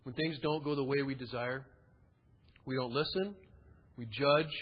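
A man's voice: mid-range voice, a little slow, slightly rough. A man preaching a sermon in a conversational way, with casual asides. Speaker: pastor. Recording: dull recording with long hall reverb.

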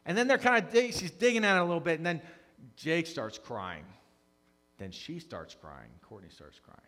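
A man preaching a conversational sermon as a pastor, earnest, dropping to hushed confession and rising to loud emphasis. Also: on the high side, big pitch swings, normal speed. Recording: long reverb of a large hall.

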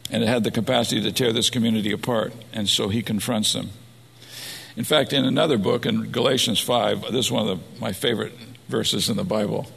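A man's voice: lowish voice, fairly even intonation, a little fast, gravelly, fairly bright tone, husky. A man preaching a sermon as a pastor, earnest and building to emphatic points. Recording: long hall reverb.

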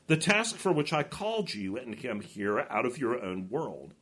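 A man's voice: medium pitch, very animated, moderate pace, a bit bright, husky. Aslan, a man reading a grave lion. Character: great solemn male lion.

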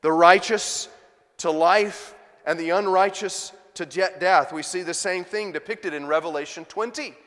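A man preaching a sermon with emphatic, impassioned delivery, slowing and rising as he dramatizes pleading voices. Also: high-pitched, a bit bright. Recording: hall reverb.

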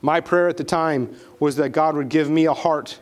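High-pitched male preacher, animated storyteller; good for a sermon read. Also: normal speed. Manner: animated, dramatic retelling with acted voices.

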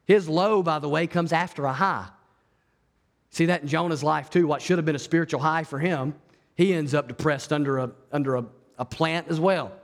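A man preaching a sermon as pastor, telling the story in an animated way and acting out the voices. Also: a little high, moderate pace, big-room sound.

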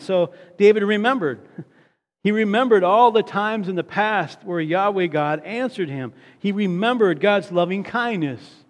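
A man preaching a sermon earnestly, often repeating a word as he builds to a point. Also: high-pitched. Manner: earnest, repeats words when stressing a point. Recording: long hall reverb.

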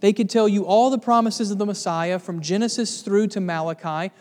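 A man's voice: sits high, steady tone, fairly quick, few pauses, darkish tone, long reverb tail. A man preaching a sermon as pastor, earnest and building to emphatic lists of words.

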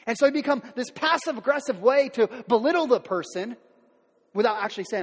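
A man with an extremely high, husky, expressive voice preaches a sermon as pastor, talking fairly quickly. He's candid and conversational, often using fillers and restarting sentences, and he voices everyday people when quoting them. The sound carries a long hall reverb.

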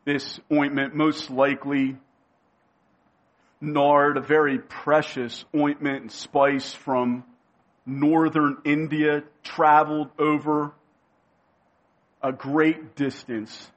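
A male preacher giving a sermon. He speaks emphatically, repeats key phrases and slows down to give them weight. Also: on the high side, flat delivery, lo-fi sound.

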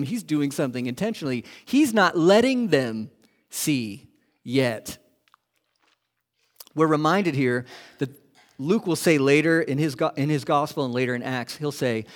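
With a voice that sits a little high, the man delivers a pastor's sermon, putting questions to the congregation. He moves from loud emphasis to quiet, hushed lines and back.

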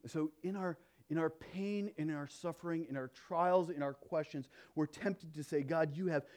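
A man preaching a sermon, quoting scripture and moving between loud, emphatic lines and quiet, hushed ones. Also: fairly high pitch, moderate pace. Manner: stumbles and restarts between quoted verses. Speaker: pastor.

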